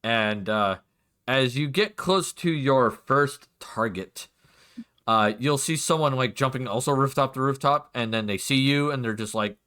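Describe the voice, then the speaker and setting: A man's voice: mid-range voice, measured pace, sharp tone, clear, resonant tone. A man narrating casually as game master of a tabletop game, with many fillers.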